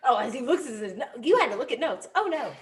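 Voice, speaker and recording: A woman co-hosting a casual chat who laughs loudly and teases, then explains topics plainly. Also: fairly high pitch, very animated, fast, a loud crowd. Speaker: co-host.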